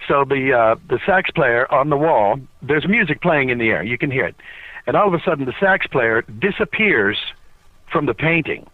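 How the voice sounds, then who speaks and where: A man recounts a story with animated energy, stopping often on "uh" as he goes. The sound is dry and squeezed through a thin, tinny phone line. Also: mid-range voice, normal speed, no echo. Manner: animated storyteller, frequent "uh" fillers. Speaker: podcast guest. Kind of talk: casual anecdote telling. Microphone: cell phone.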